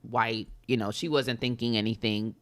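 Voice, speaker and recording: A woman co-hosting a casual podcast, retelling a story in a loose, chatty way. She fills pauses with ums and slips into the voices of the people she quotes. Her voice is smooth and clear. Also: a bass voice, steady tone. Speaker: podcast co-host.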